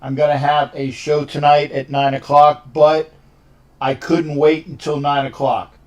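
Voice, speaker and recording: A man's voice: a little high, completely flat delivery, measured pace. A man hosting a fan call-in livestream, emotional and exuberant, often repeating himself. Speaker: show host.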